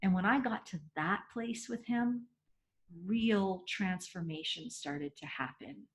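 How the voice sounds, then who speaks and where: A woman's voice: medium pitch, animated, takes it slowly. A middle-aged woman hosting a parenting webinar, talking earnestly and emphatically, laughing often and repeating words as she goes.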